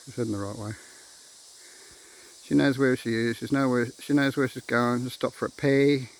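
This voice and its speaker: A man's voice: mid-range voice, steady tone, normal speed, low-quality recording. A man chatting casually into a phone camera outdoors by a creek, rambling and talking to his dogs. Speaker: vlogger. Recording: faint outdoor background noise. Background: faint outdoor nature sounds.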